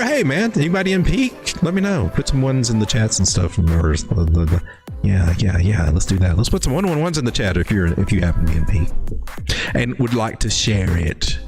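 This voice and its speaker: A man hosting a live crypto stream, talking through charts in a folksy, rambling way with lots of restarts. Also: low voice. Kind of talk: casual live market commentary.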